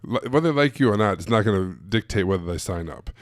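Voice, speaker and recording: On a live stream, a man shows coaches how to run sales calls, firing off rhetorical questions in a blunt, direct way. He talks fast with lively intonation in a low voice, and the sound is dry and close with no echo.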